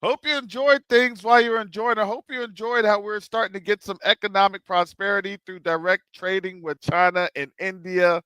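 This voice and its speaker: A man's voice: high-pitched, steady tone, fairly quick, hardly any pauses, pushed and bright, smooth, no echo, pitched above the performer's own voice. A man putting on the voice of a sarcastic male official cheerily telling people the good times are over. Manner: sing-song sarcastic. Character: mocking male official giving in, sarcastic and chirpy.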